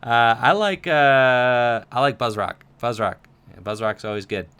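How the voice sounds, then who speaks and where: A young man with a bright, clean-sounding voice runs a relaxed livestream Q&A. He reads questions from chat and answers in a loose, rambling way full of little fillers. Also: mid-range voice, unhurried, smooth. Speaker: streamer answering viewer questions. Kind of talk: casual livestream Q&A.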